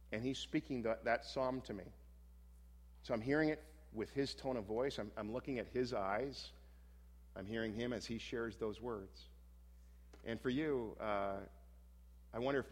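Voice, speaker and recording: Reflective male pastor in a reverberant hall. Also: mid-range voice. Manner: unhurried, reflective, with frequent small restarts. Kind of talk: sermon leading a guided scripture meditation. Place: church sanctuary. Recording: long reverb from a large worship hall.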